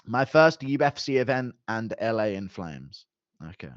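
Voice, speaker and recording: A young man chats with viewers on a live stream. His voice swings up and down with animated, joking energy. The sound is dry and somewhat dull and lo-fi. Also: mid-range voice, a little slow, clean tone, no room sound. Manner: animated and joking, with mild swearing. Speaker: streamer reading chat. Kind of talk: casual live-stream chat.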